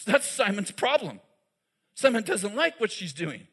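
Male preacher, high voice, chatty sermon, asks the crowd questions, chuckles at his own jokes. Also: big pitch swings, unhurried, a bit bright, husky. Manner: conversational, asks the audience questions; many fillers and restarts, laughs at his own jokes.

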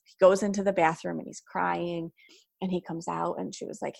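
Woman, lowish gravelly voice, chatty and informal parenting expert, dry close recording. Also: flat delivery, moderate pace, darkish tone, dry recording. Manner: chatty, frequent "like" and "right?" fillers. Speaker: parenting educator guest. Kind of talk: casual conversational advice.

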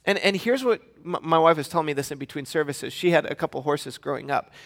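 High-voiced pastor preaching in a reverberant hall. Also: male voice, quick pace, vocal fry. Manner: animated storytelling, playful asides. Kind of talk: sermon.

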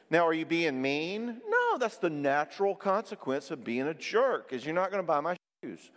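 A man with a drawl telling marriage-counseling stories to a crowd. His voice swings widely in pitch as he acts out both sides of each conversation. It is recorded with a long hall reverb. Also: big pitch swings, brisk, hardly any pauses. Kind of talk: conversational Christian talk with stories.

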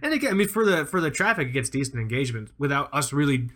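A man's voice: medium pitch, sing-song, racing, fairly bright tone. A man co-hosting a casual podcast, talking with energy, joking and laughing often. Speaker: podcast co-host.

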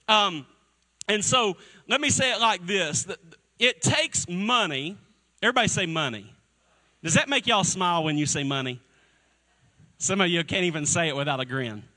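A male pastor preaching a sermon to a congregation in a church, energetic and calling for responses from the crowd. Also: high-pitched, low-quality recording.

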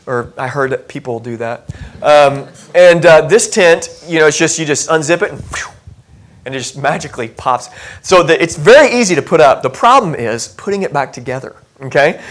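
High-voiced chatty male pastor. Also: fairly bright tone. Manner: chatty, self-deprecating, asks the congregation questions. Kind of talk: conversational sermon. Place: church sanctuary.

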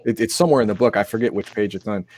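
A man co-hosting a tabletop game live stream in casual chat, halting with frequent restarts, somewhat sick. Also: on the low side, a little mellow.

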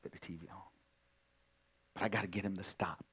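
A male pastor preaching in a conversational way, moving from quiet storytelling to loud, emphatic points. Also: low-pitched, steady tone, a little fast, slightly rough. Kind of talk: sermon.

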